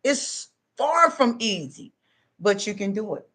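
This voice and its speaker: A woman's voice: mid-range voice, very animated, measured pace, fairly bright tone. A middle-aged woman, a spiritual self-help vlogger, giving an emphatic, unscripted motivational talk straight to her viewers. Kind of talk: unscripted motivational monologue to followers.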